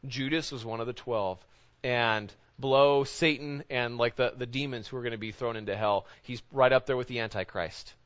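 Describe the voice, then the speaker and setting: A man preaching a sermon as a pastor. He keeps asking rhetorical questions with a repeated "right?" and swings between loud emphasis and quiet, low intensity. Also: fairly even intonation, normal speed. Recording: dull lo-fi sound.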